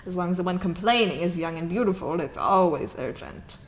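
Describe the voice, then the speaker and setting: A woman voicing an indignant, gossipy older townswoman with loud, exaggerated outrage. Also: fairly low pitch, lively intonation, brisk, a little hiss or hum. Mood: grumbling. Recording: echoey room with music.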